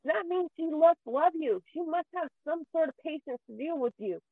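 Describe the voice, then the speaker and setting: A woman's voice: high-pitched, lively intonation, moderate pace, dry recording. Woman, ranting with raw emotion and profanity, voice close to tears; dry and phone-thin. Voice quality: profane, heated, voice near tears. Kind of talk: angry emotional rant. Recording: tinny phone-like sound.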